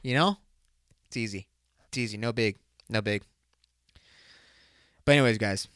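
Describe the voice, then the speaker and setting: A man's voice: on the low side, normal speed, a bit bright, clear, resonant tone, no echo, clean studio sound. A young man hosting his own podcast, rambling loosely in a casual, profane, bro-ish way. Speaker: podcast host. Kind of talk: casual solo podcast talk.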